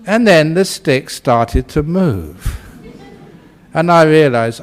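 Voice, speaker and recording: A man who is a Buddhist monk and teacher, telling a humorous story in a dharma talk. He talks in a relaxed, conversational way with many "you know"s and chuckles often at his own tale. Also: a little high, slow.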